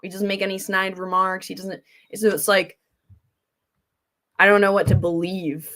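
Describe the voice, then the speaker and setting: A woman giving casual reaction commentary in a blunt, rambling way, cursing offhand. Her voice sits at a middling pitch for a woman. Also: level tone, normal speed, fairly bright tone. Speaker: commentary host.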